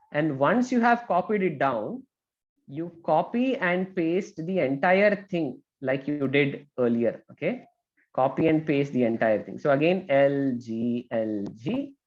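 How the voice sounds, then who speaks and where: A man teaching an online math class, talking briskly and checking in with students with a frequent "okay?". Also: mid-range voice, a little mellow, dull audio. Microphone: video call.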